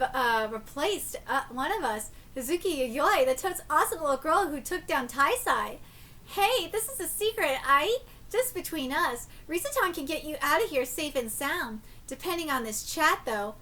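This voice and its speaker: A woman reading aloud and voicing a sly teenage girl ghost who mixes bubbly slang with quiet threats. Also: high-pitched, lively intonation, moderate pace, pitched below the performer's own voice. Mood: scheming.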